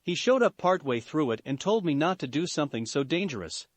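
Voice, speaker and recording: A flustered young employee speaks in an apologetic, exasperated rush, as a man puts him on. His pitch sits a bit high and jumps about. The recording is dry. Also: big pitch swings, a little fast, no room sound.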